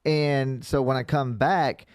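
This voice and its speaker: A man tells blunt, swearing anecdotes on a casual podcast. His voice sits at mid pitch and sounds dry, with no room around it. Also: fairly even intonation, slow pace, no echo. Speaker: podcast co-host. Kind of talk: casual chat.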